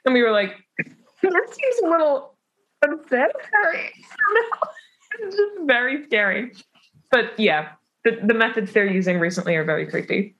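A woman co-hosting a casual podcast, telling an anecdote in an animated, laughing way. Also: medium pitch, moderate pace, pauses often, dull audio. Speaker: podcast co-host.

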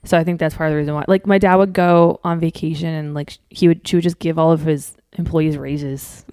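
A woman's voice: low-pitched, steady tone, brisk, dark tone, clear, resonant tone, no echo, clean studio sound. A young woman from Minnesota, a comedian guesting on a podcast, talking candidly and swearing freely. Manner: candid, swears freely, acts out quotes in a raised voice. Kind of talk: casual chat.

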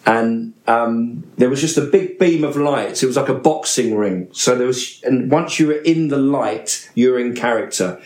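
A man, an actor guest telling animated anecdotes on a podcast. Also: medium pitch, reverberant. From England. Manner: animated storyteller, name-dropping with laughter.

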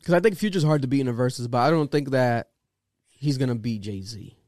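A man co-hosting a casual podcast chat, animated and profane, who often slips into rapping and mimicking people. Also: mid-range voice, fairly quick, dry recording, clean studio sound.

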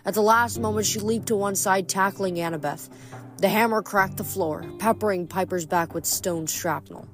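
A woman reading a novel aloud as a hobby reader, with expressive, dramatic narration. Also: medium pitch, normal speed, faint music behind. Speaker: audiobook reader.

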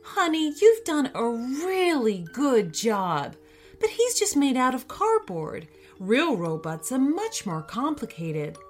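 A patient storybook mother with a soft, reassuring way of speaking, as a woman puts her on. Her voice sits a little high and moves warmly up and down, unhurried, over quiet music. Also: huge pitch swings, exaggerated voice. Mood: gentle.

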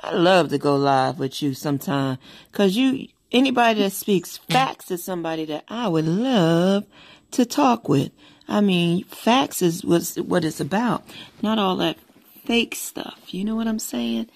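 A woman's voice: on the low side, animated, measured pace, gravelly. A woman caller sends a playful voice message to a comedy podcast, repeating her phrases for effect.

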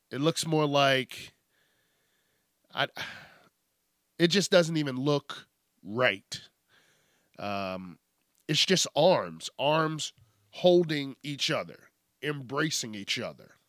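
A man's voice: mid-range voice, a bit bright, no room sound, clean studio sound. A man hosting a casual comedic news podcast, rambling and profane, poking fun at himself. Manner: rambling, profane, self-mocking. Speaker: podcast host.

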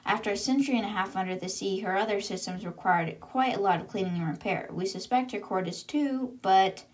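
A woman's voice: mid-range voice, a little fast, a little mellow, lightly acted. A woman reading as a composed, dry crewwoman.

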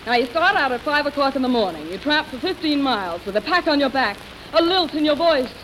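Breezy quick-witted female guest, vintage radio comedy, high voice, faint noise. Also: lively intonation, a bit bright. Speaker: guest star. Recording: noisy old radio broadcast.

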